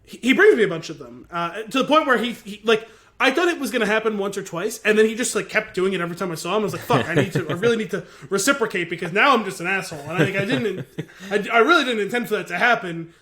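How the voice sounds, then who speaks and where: A man co-hosting a podcast, telling a rambling, animated story with laughter over a remote call. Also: sits high, fast talker. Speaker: podcast co-host. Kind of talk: casual chat. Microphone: video call.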